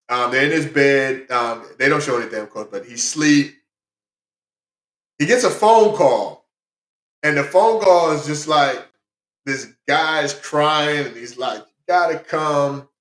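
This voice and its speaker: Man, slightly high voice, chatty reviewer who rambles, echoey room. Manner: rambling and excitable, many fillers and restarts. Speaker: movie reviewer. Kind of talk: casual movie review.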